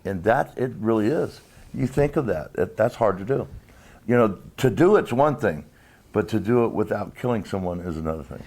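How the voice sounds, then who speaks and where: A man, a former wrestler, telling stories in a casual interview, rambling and halting with many restarts. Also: on the low side, expressive, darkish tone.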